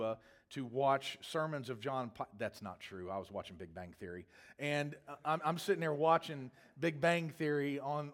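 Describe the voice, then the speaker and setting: A man preaching a sermon as a pastor, telling a long, humorous travel story in a rambling, self-correcting way. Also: medium pitch.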